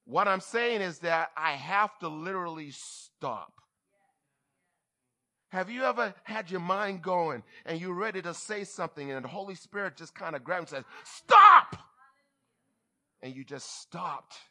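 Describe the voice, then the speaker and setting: A bishop preaching a lively church sermon, who talks back and forth with the congregation. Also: male voice, high-pitched, moderate pace. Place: church service.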